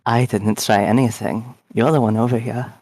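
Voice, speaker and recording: A man's voice: mid-range voice, steady tone, moderate pace, a little mellow, no echo. A man playing in a tabletop game, casual and swearing freely. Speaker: player. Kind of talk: tabletop game role-play chat.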